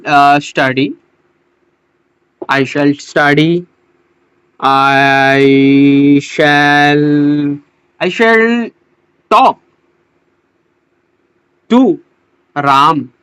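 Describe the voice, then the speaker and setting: A teacher giving a slow English grammar lesson, pausing, repeating words and restarting phrases as they explain. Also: medium pitch, no echo. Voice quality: non-native English phrasing.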